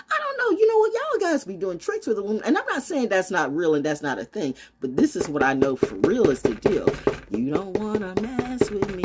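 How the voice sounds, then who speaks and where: A woman broadcaster ranting off the cuff in a brash, profane way, sliding from low mutters to loud squeals. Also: breathy edge. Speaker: voice actor and broadcaster. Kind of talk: off-the-cuff rant and freestyle.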